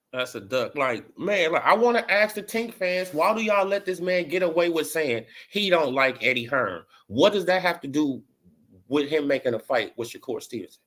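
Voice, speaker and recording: Slangy man ranting about boxing. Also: high-pitched. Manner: slangy, repetitive fillers like "bro" and "you know"; rising to animated mocking in the back half. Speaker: boxing commentary vlogger. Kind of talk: casual opinion rant.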